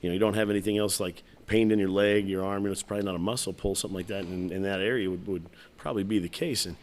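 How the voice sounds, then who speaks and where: A man's voice: low voice, steady tone, racing. A man casually telling a long personal story as a podcast guest, rambling and acting out the dialogue. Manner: rambling, full of restarts and quoted dialogue.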